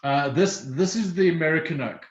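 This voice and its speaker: A man's voice: fairly high pitch, moderate pace, echoey room, highs cut off. A man presenting a whiskey tasting and explaining each drink step by step. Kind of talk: guided tasting talk.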